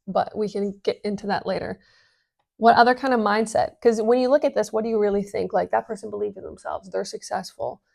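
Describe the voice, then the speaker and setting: A woman talking casually as a business coach, energetic and full of fillers, swearing now and then. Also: mid-range voice, creaky. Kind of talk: casual explainer vlog.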